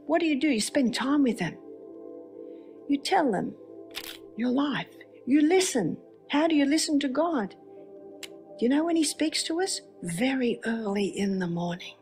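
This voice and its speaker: A woman's voice: high-pitched, darkish tone. A woman giving a faith-based lecture, telling a story with rhetorical questions. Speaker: speaker.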